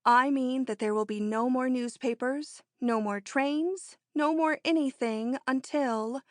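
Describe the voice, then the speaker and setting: A woman voicing a bold, eager young heroine in an audiobook, brisk and quietly triumphant. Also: high voice, no room sound, studio quality. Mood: calm. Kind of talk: audiobook character reading.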